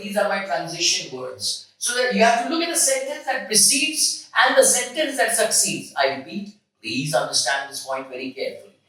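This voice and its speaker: Test prep tutor, emphatic and repetitive, bright tone, distant echoey recording. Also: mid-range voice. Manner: emphatic, repeats key points, asks rhetorical questions. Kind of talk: classroom-style lesson explanation. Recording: echoey room, mic far off.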